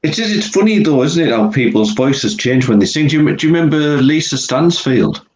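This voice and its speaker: A man's voice: medium pitch, lively intonation, fairly quick, darkish tone. A man hosting a casual interview who teases his guests and asks about singers. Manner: teasing, joking. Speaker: podcast host. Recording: roomy with faint noise.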